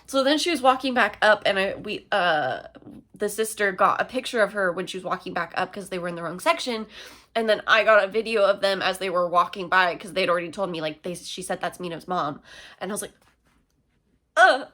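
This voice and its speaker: A young woman vlogger chatting casually through a storytime, excitable and full of fillers. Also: mid-range voice, brisk.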